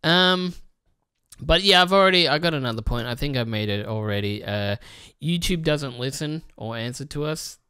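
Bright, crisp-voiced man ranting casually. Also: fairly high pitch, expressive, normal speed, no room sound, studio quality. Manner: rambling and profane, with frequent restarts; mocks others with put-on quoted voices. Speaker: gaming channel host. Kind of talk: casual rant to camera.

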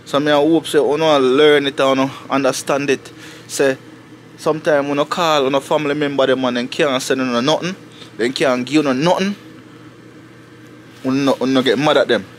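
A man with a Jamaican accent talking casually to camera for his family vlog outdoors in the snow, animated and preachy, slipping into patois. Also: medium pitch, normal speed, slight background noise. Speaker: family vlogger.

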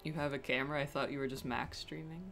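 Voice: medium pitch, steady tone, quick pace, gravelly, a bit bright, soft background music. A game streamer chatting casually on a live stream while playing, laid-back, swearing freely and laughing often.

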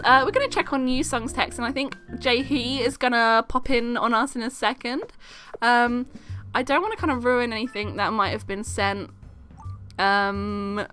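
A woman's voice: on the high side, bright, forceful tone. A young woman casually chatting while playing through a phone game, giggly and full of ums. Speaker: gaming channel host. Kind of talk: casual game playthrough commentary.

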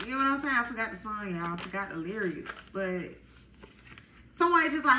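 A woman giving a casual tarot reading to viewers, chatty and animated, full of fillers. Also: mid-range voice, a little fast, reverberant, background noise. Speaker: tarot reader.

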